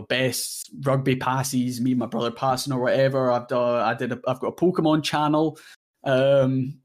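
Young man, interview guest, casual chat, rambling, self-deprecating, many ums, mid pitch. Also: darkish tone. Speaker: guest content creator.

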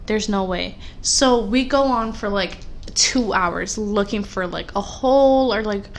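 A young woman co-hosting a podcast in casual chat, telling animated, rambling stories full of fillers. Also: mid-range voice, unhurried, a little hiss or hum. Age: young adult. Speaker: podcast co-host.

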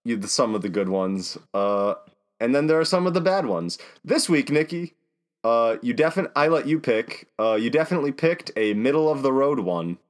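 A man co-hosting a casual podcast, talking in a relaxed way with lots of "uh" fillers. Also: medium pitch, moderate pace. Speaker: podcast co-host. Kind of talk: casual chat.

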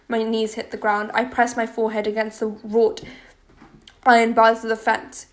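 A woman's voice: on the high side, level tone, moderate pace. A woman giving first-person audiobook narration in an intimate, emotionally charged manner.

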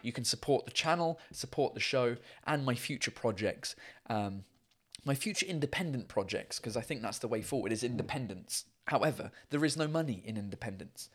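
A man hosting a casual live show from home on a microphone, chatty and rambling with lots of fillers, excitable and casually swearing. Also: mid-range voice, brisk, breathy edge. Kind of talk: casual chat.

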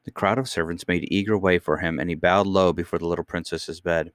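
Deep-voiced man narrating a storybook. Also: steady tone, a little fast, few pauses, no room sound, studio quality. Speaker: audiobook narrator. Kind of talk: scripted narration.

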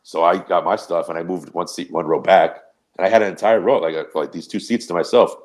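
A man on a podcast telling a rambling, profane anecdote in a casual, animated way. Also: low-pitched, brisk. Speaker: podcast co-host. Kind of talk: casual storytelling.

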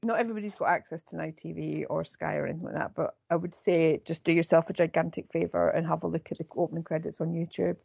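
A woman's voice: sits low, fairly even intonation, fast talker, vocal fry, hardly any pauses, mellow, breathy edge, no echo. A British woman co-hosting a casual TV review chat, wry and persuasive. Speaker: podcast co-host.

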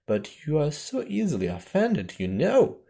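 An eager, polite little storybook girl, spoken slowly and with a lively, rising lilt, as a man reads her. The voice stays dark and a little gravelly under the girlish sweetness. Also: on the low side, exaggerated voice. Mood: pleading.

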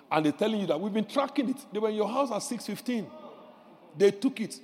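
A male pastor preaching a sermon, animated, shouting decrees and acting out little voices of the people he describes. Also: sits high, fast talker, in a large hall.

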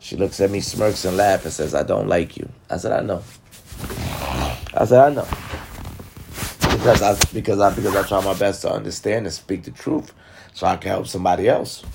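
A man's voice: sits low, moderate pace, creaky, pauses often, noisy background. A man talking to viewers in a blunt, profane, casual monologue, giving relationship advice. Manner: blunt, profane and talkative, addressing viewers directly.

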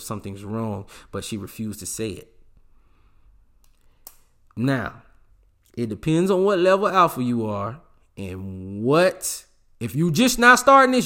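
A man speaking in a casual, blunt monologue, heavy on slang and emphasis. His voice sits at an ordinary middle pitch for a man as he lectures the listener. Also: sharp tone. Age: adult with a child. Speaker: relationship advice speaker.

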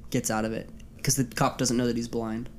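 A man's voice: mid-range voice, little pitch movement, a little fast. A young man co-hosting a casual chat, retelling a story and teasing the others playfully. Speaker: podcast co-host.

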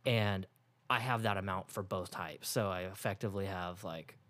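A man's voice: low voice, steady tone, normal speed, a bit bright. A young man co-hosting a podcast, rambling casually about work with lots of "like" and "uh". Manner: rambling, lots of fillers, laughs often. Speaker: podcast co-host. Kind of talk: casual chat.

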